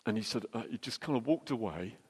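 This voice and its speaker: A middle-aged man telling a jokey, anecdotal story as a church speaker, with quick restarts. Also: fairly low pitch, animated, a little mellow, slightly rough. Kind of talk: storytelling sermon. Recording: long hall reverb.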